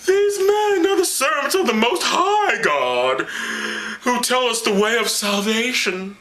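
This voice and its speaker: A man voicing a possessed fortune-telling girl in a comedy reading, wailing her words slowly and theatrically. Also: very high voice, very animated, bright, forceful tone, pitched above the performer's own voice, full character voice. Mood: proclaiming.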